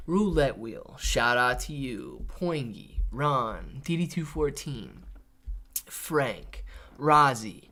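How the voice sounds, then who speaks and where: Animated male livestream host. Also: mid-range voice. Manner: lively, reads chat messages aloud in playful mock voices; jokey, drawn-out teasing delivery. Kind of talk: casual livestream chat.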